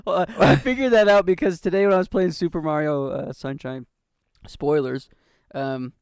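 A man's voice: fairly high pitch, fairly even intonation, moderate pace, smooth, no echo. Crude-joking podcast co-host guy. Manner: crude joking, laughs at his own stories. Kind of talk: casual banter among friends. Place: online voice call.

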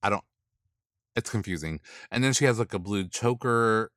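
A man giving sassy, blunt casual commentary, swearing freely and dismissing outfits with drawn-out put-downs. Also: fairly low pitch, expressive, a bit bright, dry recording, clean studio sound. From not from the East Coast. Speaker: commentator reviewing drag looks.

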